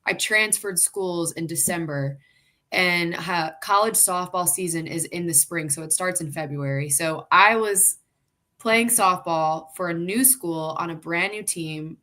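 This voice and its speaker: A woman's voice: fairly low pitch, a little slow. A woman in her twenties, a former college athlete and coach, talking casually on a podcast and acting out quotes as she tells a story. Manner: animated storyteller, acts out quotes, laughs often.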